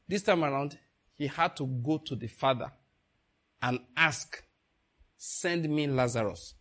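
A middle-aged male preacher with a slightly high voice delivers a sermon unhurriedly. He swings between hushed emphasis and loud bursts, laughing often.

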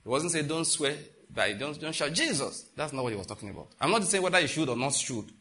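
A man delivers a sermon as pastor, his voice sitting a little high for a man. He preaches emphatically, swinging his pitch and loudness up and down. He keeps throwing rhetorical questions at the congregation. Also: animated, fast talker.

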